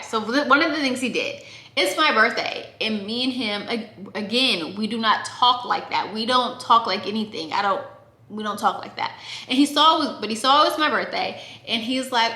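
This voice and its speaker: Bright, chatty young woman in echoey room. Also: on the high side, moderate pace. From Oregon, USA. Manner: chatty, animated, addresses viewers directly. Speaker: vlogger. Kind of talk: casual storytime.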